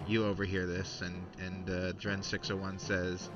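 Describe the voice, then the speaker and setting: A man's voice: sits low, monotone, moderate pace, few pauses, recorded from a distance, muffled recording, music in the background. A man narrating a tabletop game as game master, hesitant with many fillers.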